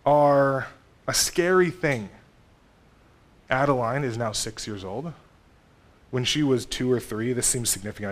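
Guy in his 30s preaching, chatty sermon, jumps from loud to quiet a lot. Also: medium pitch. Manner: conversational, animated with sudden loud and soft turns. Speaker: pastor.

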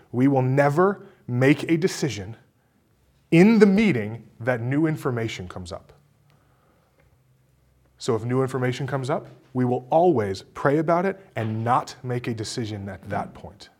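A male pastor preaching a sermon, his voice dropping low and quiet and then rising into loud, emphatic bursts.

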